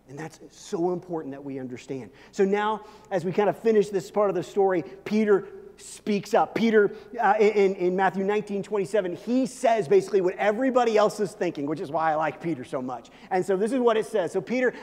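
A man with a high, light voice delivers a sermon in a big hall, and his words ring out with a long echo. He swings between loud, emphatic calls and hushed, intense stretches, often repeating words as he presses a point. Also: expressive, brisk. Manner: repeats words and restarts when stressing a point. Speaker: pastor.

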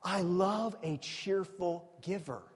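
A man preaching a sermon in a church, emphatic, swinging from loud exclamations to quiet, confiding asides. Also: sits high, slow, husky. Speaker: pastor. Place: church sanctuary. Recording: long reverb of a large hall.

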